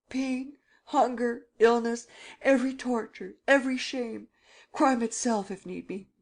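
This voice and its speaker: A woman playing a terrified stammering young man. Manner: high, faltering, stammering and sobbing. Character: terrified young man pleading for his life.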